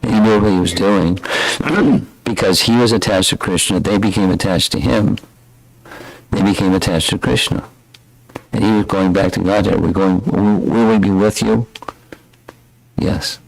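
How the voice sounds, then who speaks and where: An older man giving a scripture class as a spiritual teacher, telling stories in a reflective, unhurried way. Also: deep voice, fairly even intonation, vocal fry, poor audio.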